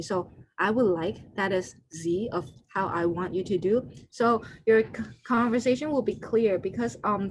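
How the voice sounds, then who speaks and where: A woman's voice: medium pitch, darkish tone, slight background noise, low-quality recording. Woman giving an online skills workshop. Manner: loose, unscripted, many fillers, acts out short quoted lines. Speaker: workshop presenter. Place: home room over a video call. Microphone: computer mic on a video call.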